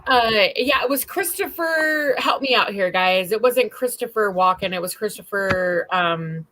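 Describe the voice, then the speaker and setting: A woman's voice: medium pitch, animated, unhurried, bright, forceful tone, a little hiss or hum. A woman hosting a casual livestream chat, rambling and bawdy as she talks with friends and the chat. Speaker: stream host.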